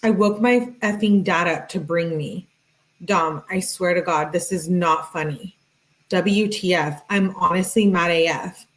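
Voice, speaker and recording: A woman's voice: lowish voice, unhurried. A woman streamer reading text messages aloud, breaking in with sarcastic comments and thanking viewers in the chat. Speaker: true crime streamer.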